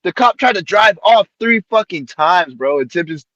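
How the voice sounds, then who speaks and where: A young man on a stream panel tells a story in a relaxed, profane manner, acting out the voices of people he quotes. His voice is high-pitched and a bit bright, with lively intonation and a normal pace. The call audio is dull, dry and lo-fi.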